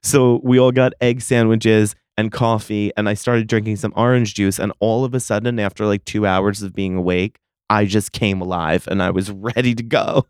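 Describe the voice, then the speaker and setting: A man's voice: lowish voice, steady tone, moderate pace, clean tone, dry recording, clean studio sound. A man in his thirties hosting a solo podcast, telling stories in casual chat with profane, dramatic complaints. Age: 30s. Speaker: podcast host.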